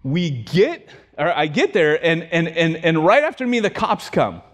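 A man preaching a sermon, telling a story in an animated way and joking with his congregation. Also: fairly high pitch, a little slow. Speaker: pastor. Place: church sanctuary. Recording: long church hall reverb.

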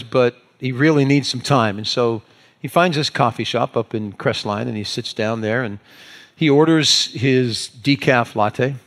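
A pastor with a mid-range, slightly bright voice delivers a storytelling sermon. He tells a self-mocking everyday anecdote in a folksy, conversational style and acts out the voices.

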